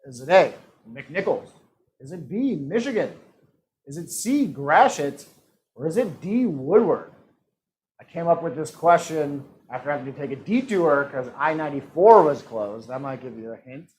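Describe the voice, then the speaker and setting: A man's voice: fairly high pitch, sing-song, normal speed, a little mellow, low-quality recording. A man hosting a live-streamed trivia game, reading questions and answer options in a playful, teasing way. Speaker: trivia host.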